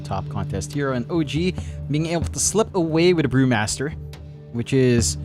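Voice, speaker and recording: Playful Filipino man casting esports. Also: mid-range voice. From Philippines. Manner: playful, teasing, quick to laugh. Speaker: esports caster.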